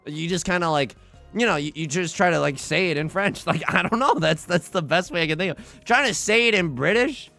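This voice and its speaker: A man's voice: sits high, fairly quick, creaky, pushed and bright, soft background music. A young man whose first language was Mandarin, rambling in self-deprecating, casual chat with viewers while he plays a game on a livestream. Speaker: livestreamer playing online mahjong.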